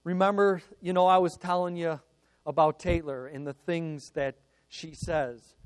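A man delivers a sermon in a notably high voice at a slow, deliberate pace. His storytelling is earnest, swinging from emphatic peaks to quiet confessional passages. The sound is dry and close, with no room echo. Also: steady tone. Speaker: preacher.

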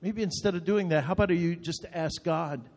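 A man's voice: a little high, normal speed. A man preaching a sermon as pastor, making earnest, direct appeals in short repeated phrases. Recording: long reverb.

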